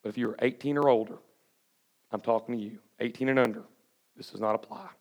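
Gravelly pastor preaching. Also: male voice, mid-range voice, fairly even intonation, brisk. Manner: folksy, plain-spoken preaching with call-and-response. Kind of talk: sermon. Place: church sanctuary before a congregation.

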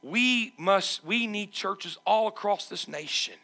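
A man's voice: sits high, lively intonation, slow, creaky, pushed and bright, soft background music. A male pastor preaching a sermon emphatically and asking his congregation questions.

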